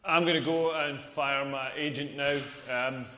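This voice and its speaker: A man's voice: medium pitch, fairly even intonation, measured pace, bright, forceful tone, a little hiss or hum. A Scottish man doing a crude, self-deprecating stand-up comedy set on a club stage. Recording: echoey room with long reverb.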